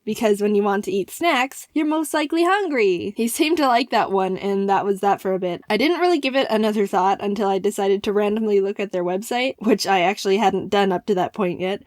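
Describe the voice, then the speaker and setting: A young woman telling a comedic story as a YouTuber, excitable and quick to jump into high squeals. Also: dry recording, clean studio sound. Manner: excitable, jumps into squealing highs.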